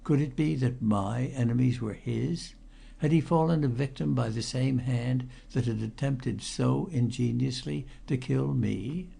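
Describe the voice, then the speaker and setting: A man narrating a first-person mystery audiobook in a measured, grave storytelling manner with a gravelly voice. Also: mid-range voice, dark tone.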